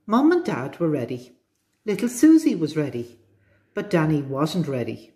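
Reading a children's storybook with expressive delivery, a woman librarian speaks in a deep voice with an Irish accent, going a little slowly.

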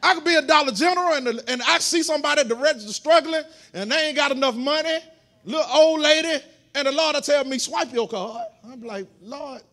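A man with a very high-pitched voice preaches a sermon in a church. His tone is bright and ringing. He stumbles over and repeats words, then swells into shouted, fervent preaching. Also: fast talker. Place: church sanctuary.

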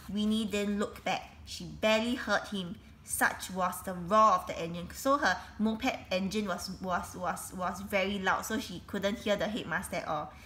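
A woman reading a children's book aloud, pausing to explain the story in simple words with frequent restarts. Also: medium pitch, sharp tone, a little hiss or hum. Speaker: reader.

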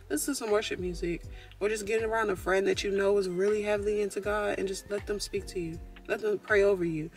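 A woman vlogger talking from her car, giving earnest, preachy faith encouragement straight to her viewers. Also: medium pitch. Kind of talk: casual faith encouragement talk.

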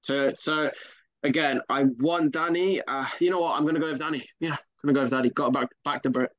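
A man's voice: a little high, steady tone, fast, a bit bright, no echo, lo-fi sound. A man co-hosting a casual boxing predictions chat, rambling and repeating himself as he talks. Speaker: boxing pundit co-host.

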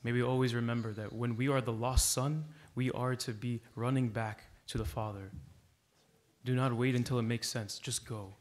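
A man's voice: mid-range voice, fairly even intonation, normal speed. A man preaching a sermon in a church, earnest and exhorting, telling a story to make his point.

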